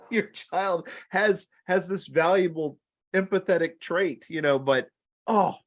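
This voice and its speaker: A man in his thirties, co-hosting a casual podcast chat, telling stories with frequent laughs. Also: slow. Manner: animated storyteller, laughs often, big pitch swings. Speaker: co-host.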